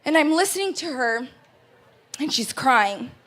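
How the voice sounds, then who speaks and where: A woman's voice: high-pitched, expressive, measured pace, fairly bright tone. A woman telling a personal story in an earnest, emotional speech on an event stage, often stumbling and restarting. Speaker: keynote speaker. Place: event stage before an audience.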